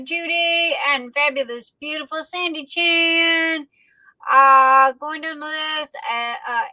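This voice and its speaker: A high, bright-voiced woman hosts a casual livestream, chatting unhurriedly and greeting viewers one by one. Her voice sits close and dry on the mic. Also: dry recording, low-quality recording. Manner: chatty, greets viewers warmly by name, drawn-out fillers. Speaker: livestream host. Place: home streaming setup.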